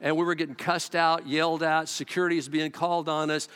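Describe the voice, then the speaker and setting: Brief: male pastor, somewhat high voice, lively storyteller, big echoing hall. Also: fast, smooth. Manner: animated storytelling, acting out quotes in varied voices. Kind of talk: sermon. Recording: long hall reverb.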